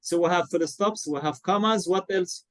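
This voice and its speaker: A man's voice: high-pitched, normal speed. A man with an Arabic accent teaching an online English class, mixing in Arabic and quizzing his students. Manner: switches between English and Arabic, asks students questions.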